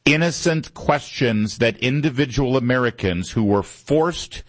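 A man's voice: medium pitch, animated, unhurried, no room sound. A man in his fifties hosting a morning radio talk show from a studio, rambling and casual, with lots of fillers and restarts. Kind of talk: conversational radio monologue. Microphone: studio microphone.

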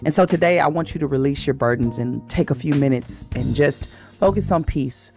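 Woman morning-show host, slow soothing devotional delivery, lowish voice over faint music. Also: mellow. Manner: slow, soothing, preacherly encouragement. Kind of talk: inspirational morning devotional talk.

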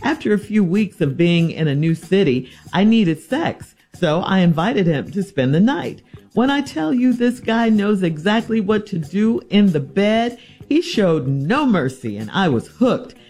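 A woman's voice: medium pitch, sing-song, a little slow, hardly any pauses, a little mellow, breathy edge, faint music behind. A woman hosting an advice show, reading out a listener's letter and answering it in a teasing, incredulous way.

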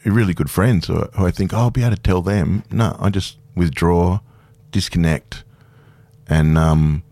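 A man's voice: deep voice, moderate pace, dark tone, no echo. A man in his fifties, a guest speaking candidly and self-deprecatingly in a casual radio interview, laughing easily. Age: 50s. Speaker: guest performer.

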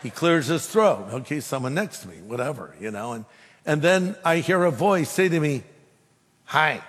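A man preaching a sermon, telling a humorous personal story in an animated way. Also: a little high, moderate pace, in a large hall. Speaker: pastor.

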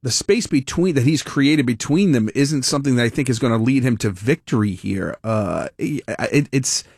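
A man hosting a political talk radio show, giving animated, rambling, sarcastic commentary. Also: medium pitch, moderate pace, breathy edge, no room sound, clean studio sound.

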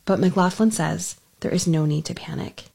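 A woman radio reporter reading scripted news narration in an even delivery. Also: fairly low pitch, normal speed, gravelly, slightly rough.

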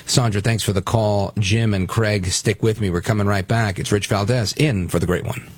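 A man's voice: lowish voice, steady tone, moderate pace, very noisy. A man from Brooklyn guest-hosting a political talk radio show, speaking emphatically and taking callers. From Brooklyn, New York. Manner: emphatic, conversational, takes callers.

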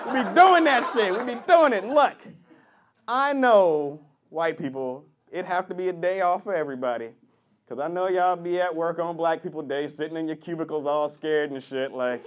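A man delivers a stand-up set in a very high voice. He is loud and punchy, pressing hard on each punchline. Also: expressive, normal speed. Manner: loud, punchy, acts out characters. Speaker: stand-up comedian. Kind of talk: stand-up routine.

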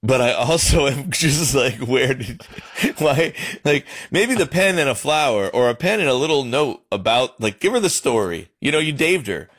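A man's voice: medium pitch, lively intonation, moderate pace, a bit bright, husky, dry recording, studio quality. A man co-hosting a casual chat, a chef who teases and laughs often. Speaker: co-host, chef.

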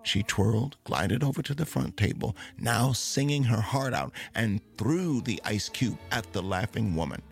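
Gravelly, expressive male storyteller. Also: on the low side, moderate pace, few pauses, soft background music. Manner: expressive, lingering on dramatic moments. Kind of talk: dramatic spoken storytelling.

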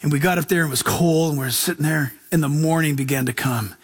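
A man's voice: on the high side, quick pace, breathy edge. A male pastor preaching a sermon in an enthusiastic, casual way, full of slang and asides.

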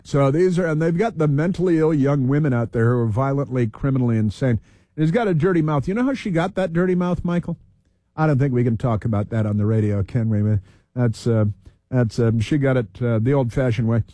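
A man's voice: mid-range voice, expressive, brisk, dark tone, dry recording. A man hosting political talk radio, heated, repeating himself and reeling off long lists.

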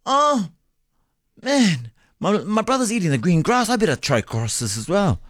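A man voicing an eager young goat in an excited, raised voice. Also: high-pitched, moderate pace, no room sound, clean studio sound, pitched above the performer's own voice, full character voice.

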